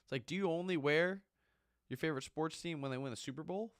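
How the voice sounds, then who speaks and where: A man's voice: fairly high pitch, fast talker, no room sound, clean studio sound. A man and former Marine giving an impassioned, ranting monologue, repeating his points with emphasis. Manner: fired-up, ranting, emphatic repetition.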